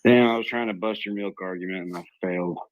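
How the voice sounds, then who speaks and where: A man's voice: low-pitched, fairly even intonation, fast, no echo, poor audio. A man in a casual group chat, poking holes in others' points with needling jokes.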